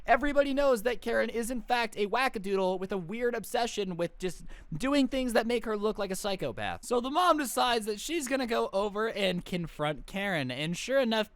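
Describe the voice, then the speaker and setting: A young adult man telling a storytime vlog in a casual, animated, slangy way with lots of joking asides. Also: sits high, clean tone, no room sound. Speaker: storytime vlogger.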